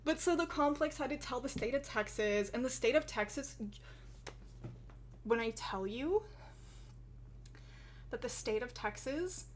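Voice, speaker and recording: A woman's voice: fairly high pitch, expressive, measured pace, long pauses. A young woman chatting casually with viewers on a livestream, giggly and often laughing as she talks.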